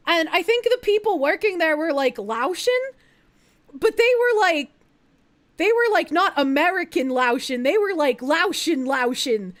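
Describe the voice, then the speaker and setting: A young woman with a high, girlish voice, chatting to her stream audience. She rambles through her points, peppers them with fillers and swears, and keeps breaking into giggles. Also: animated, unhurried. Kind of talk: casual livestream chat.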